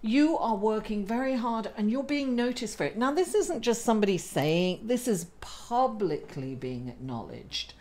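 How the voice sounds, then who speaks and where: A woman's voice: fairly high pitch, animated, normal speed, few pauses, a little mellow. A woman reading tarot cards in a chatty way, laughing at herself now and then. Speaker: astrologer and tarot reader. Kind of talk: casual tarot reading to camera.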